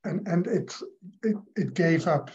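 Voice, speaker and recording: Man, very slow and hesitant, muffled video call sound. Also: fairly high pitch, expressive, a little mellow. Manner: slow, hesitant, repeating words. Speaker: participant. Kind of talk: casual spiritual conversation over video call.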